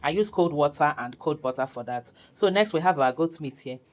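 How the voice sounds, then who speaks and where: A low-pitched woman walks viewers through a recipe, step by step. She speaks in a relaxed, chatty way and breaks into laughter now and then. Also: brisk, poor audio. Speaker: cooking channel host. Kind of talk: casual cooking tutorial narration.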